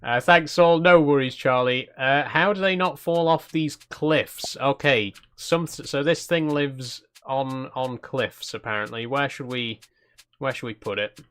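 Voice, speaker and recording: A man's voice: mid-range voice, measured pace, fairly bright tone, smooth. A man hosting a channel, giving casual gameplay commentary in an easygoing, self-conscious way and chatting with viewers. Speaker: channel host.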